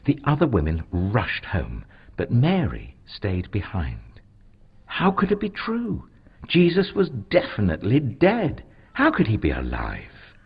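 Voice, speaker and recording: Man reading a bible storybook, low husky voice, swoops way up and down, muffled lo-fi sound. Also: huge pitch swings, measured pace. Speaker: storybook narrator. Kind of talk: expressive storybook narration. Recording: dull lo-fi recording.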